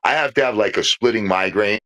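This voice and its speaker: A man's voice: lowish voice, a little fast. An older man co-hosting a podcast, chatting casually about politics and telling long stories in which he acts out the other voices. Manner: animated storyteller, acts out quoted voices. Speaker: podcast co-host.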